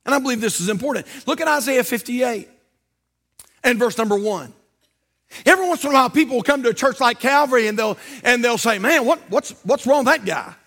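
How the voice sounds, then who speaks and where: A man preaching a sermon with a strikingly high voice and a bright, forceful ring. He swings from shouted warnings down to hushed, joking asides as he paces his church platform. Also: quick pace. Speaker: pastor. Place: church auditorium.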